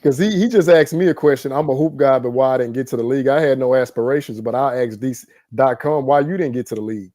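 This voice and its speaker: Male co-host, mid-pitched, relaxed and agreeable, casual stream chat. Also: fast, few pauses, no echo, studio quality.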